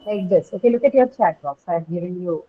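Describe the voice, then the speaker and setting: A woman fast Indian English teacher over a tinny call. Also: fairly low pitch. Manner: explanatory, checks understanding with "right?". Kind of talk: online class lecture. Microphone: video call. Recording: tinny phone-like line.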